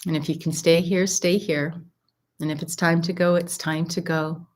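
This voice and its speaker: A middle-aged woman, a holistic health coach, leading a mindfulness exercise in a calm, earnest and encouraging way with gentle instructions. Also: low-pitched, moderate pace.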